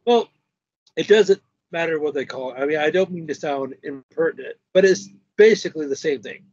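A man hosts a casual stream chat and relays an anecdote, quoting what others said along the way. His voice is husky and sits fairly high. The audio is dull and lo-fi. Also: fairly quick, a little mellow, no echo. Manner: storytelling, retells others' words at length. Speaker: stream host. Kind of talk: casual conversation.

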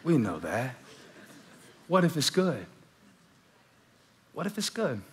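A man preaching a sermon to a church crowd, starting hushed and building to shouting, repeating lines for emphasis. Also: fairly high pitch, wildly swooping pitch, slow pace, slight background noise. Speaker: pastor. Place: large church auditorium.

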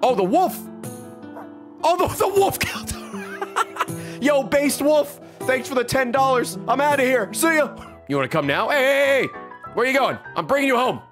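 Excitable high-voiced man streaming games. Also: moderate pace, over music. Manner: excitable, loud, swears freely, laughs often. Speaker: gaming streamer. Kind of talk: casual let's-play commentary.

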